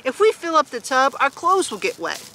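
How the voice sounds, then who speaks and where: A woman's voice: high voice, big pitch swings, normal speed, pushed and bright, a little hiss or hum, voice pushed up, exaggerated voice, low-quality recording. Woman reading as a dim, cheerful storybook dad. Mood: earnest. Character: dim-witted cheerful father of a silly family.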